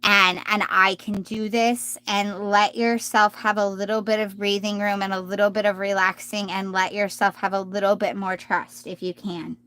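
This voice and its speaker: A woman doing a live tarot reading, talking gently and reassuringly, often restarting her sentences. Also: mid-range voice, level tone, moderate pace, few pauses, clean tone, no echo. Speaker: tarot reader.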